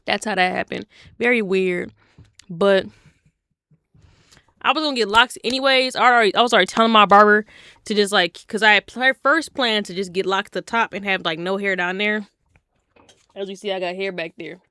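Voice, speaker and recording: A woman in her twenties chatting on stream, telling stories in a slangy, animated way with sudden jumps in pitch. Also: a little fast, long pauses, smooth, dry recording. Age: 20s. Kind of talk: casual storytelling chat on stream.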